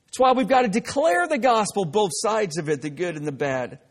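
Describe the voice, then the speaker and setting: High-voiced emphatic male pastor. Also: expressive, a little fast. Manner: emphatic, repeats "listen" for emphasis, joking asides. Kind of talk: sermon.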